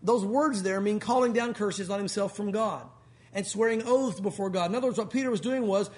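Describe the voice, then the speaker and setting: Man, pastor, light Southern accent, sermon, quick animated delivery, very high voice, husky. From Tennessee. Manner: fast-talking, animated storytelling with acted asides.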